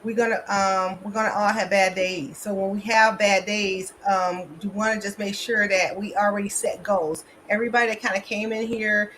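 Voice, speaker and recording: A woman's voice: medium pitch, steady tone, moderate pace, few pauses, fairly bright tone, slight background noise. A woman therapist and coach, giving an emphatic, motivational conference talk over a video call. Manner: emphatic, motivational, addresses audience as y'all.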